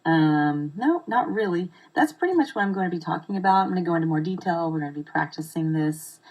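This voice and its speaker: A woman giving an informal live video lesson as an accent modification coach, explaining step by step with slow, deliberate examples. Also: fairly low pitch, expressive, a little mellow, poor audio.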